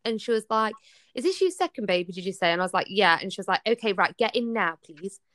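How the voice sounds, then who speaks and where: A woman's voice: medium pitch, fast. A young woman, a podcast guest telling her story in casual chat and acting out the dialogue. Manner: animated, acts out quoted dialogue.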